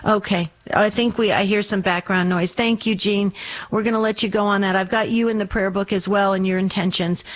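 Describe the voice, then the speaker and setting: A woman hosting a Catholic call-in radio show, reassuring callers and praying with them, with lots of quick restarts. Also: mid-range voice, fairly even intonation, low-quality recording. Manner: warm-hearted, reassuring, talks in quick restarts.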